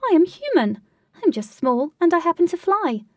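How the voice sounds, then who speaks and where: A woman voicing a small, cheeky flying woman with wings in a storybook reading, speaking high, loud and teasing. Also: very animated, normal speed, no echo, far from the mic. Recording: dry, voice set back from mic.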